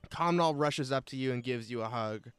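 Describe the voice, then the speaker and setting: A man running a tabletop game, describing scenes in a rambling way full of fillers. His voice is mid-pitched and smooth. It sounds dry and close. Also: moderate pace, fairly bright tone, dry recording. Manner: rambling, many fillers and restarts. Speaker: game master.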